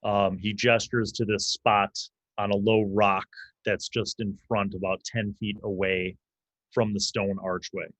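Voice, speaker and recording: A man's voice: lowish voice, level tone, a little slow, a bit bright, no echo. A man narrating a tabletop game as game master in a casual way, with loose fillers.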